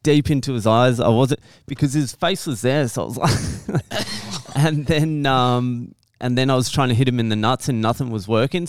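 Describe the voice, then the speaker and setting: A man's voice: mid-range voice, clear, resonant tone, dry recording. Foul-mouthed young man telling a story. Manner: crude, swears constantly, laughs through his story. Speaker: podcast co-host telling a story. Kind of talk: casual storytelling chat.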